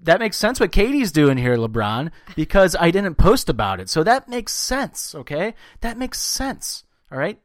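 Crude loud-mouthed man podcasting. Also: on the high side, big pitch swings, normal speed, hardly any pauses, no echo, studio quality. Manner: loud, crude, swearing, breaks into mocking voices. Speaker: podcast co-host. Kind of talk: casual profane chat.

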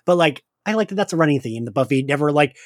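A man's voice: on the high side, animated, fast, dry recording, clean studio sound. A man co-hosting a casual podcast chat, talking loosely with lots of fillers and frequent laughs. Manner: chatty, laughs often, many fillers. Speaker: podcast co-host.

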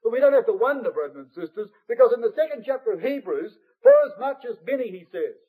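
A man preaching a Bible study sermon to his congregation, earnest and emphatic, rising to forceful peaks and dropping to hushed asides. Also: extremely high pitch, big pitch swings, quick pace, breathy edge. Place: church hall. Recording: tinny lo-fi phone-like line.

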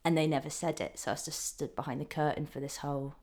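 A woman's voice: low voice, fairly even intonation, fast talker, crowd noise. A woman, chatting as a guest actor and telling stories about herself. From England. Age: 30s. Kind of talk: casual chat.

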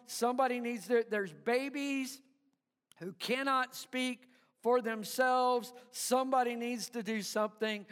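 Male pastor, very high voice, slow emphatic sermon with congregation call-outs, recorded in a reverberant hall. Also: fairly bright tone, clean tone. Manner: stammering repeats of words.

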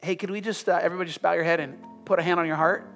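High-voiced male preacher, soft music. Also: steady tone, very fast, vocal fry. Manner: emphatic rhetorical questions, dropping to soft prayer. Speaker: pastor. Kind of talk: sermon with prayer. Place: church room with congregation.

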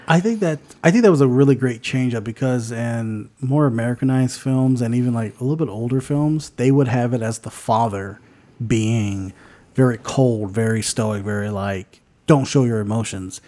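An excitable man recapping a film with a co-host, tripping over his words and jumping high in pitch when he acts out what characters say. His voice sits at an ordinary pitch for a man, and his talk is loose and rambling. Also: normal speed. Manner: animated, acts out quoted lines with big jumps in pitch; lots of restarts and filler words. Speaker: podcast co-host. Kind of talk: casual movie review chat.

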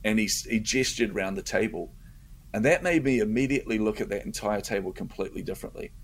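A middle-aged man, a guest in a conversation, telling a story in an animated way and acting out his own inner voice. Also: lowish voice, fast, slight background noise.

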